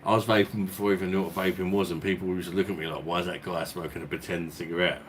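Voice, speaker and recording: Deep-voiced bloke rambling. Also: male voice, flat delivery, racing, a little hiss or hum. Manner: rambling, swearing, chuckling as he talks. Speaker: beer review channel host. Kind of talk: casual storytelling chat and viewer Q&A.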